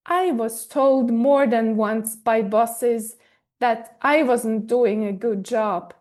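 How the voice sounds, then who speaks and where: A woman podcaster narrating a personal story in a measured, scripted way. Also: on the high side, a little mellow. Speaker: podcast host and author.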